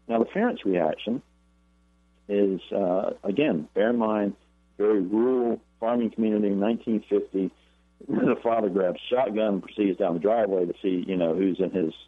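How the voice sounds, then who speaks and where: A man, a paranormal researcher and author, tells an encounter story as an interview guest, halting with fillers and repeated words. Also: fairly low pitch, no echo. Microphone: phone. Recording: tinny phone line.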